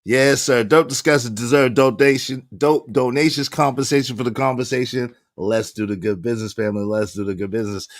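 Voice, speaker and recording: A man hosting a livestream, chatting casually with an animated, slangy delivery and rhythmic shout-outs to the chat. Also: medium pitch, a little fast, few pauses, no echo, studio quality. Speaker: livestream host.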